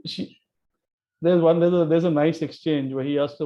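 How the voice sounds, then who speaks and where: A man leading a casual book-club discussion, emphatic and animated, often restarting his sentences. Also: fairly high pitch, fairly quick. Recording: muffled online call audio.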